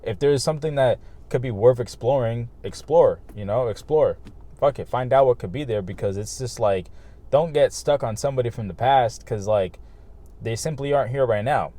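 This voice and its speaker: Candid young man rambling outdoors, mellow voice. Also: medium pitch, normal speed. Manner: candid, swears freely, many fillers and repeats. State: hiccuping. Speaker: vlogger. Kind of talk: casual rambling monologue to camera. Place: outdoors, just outside his home.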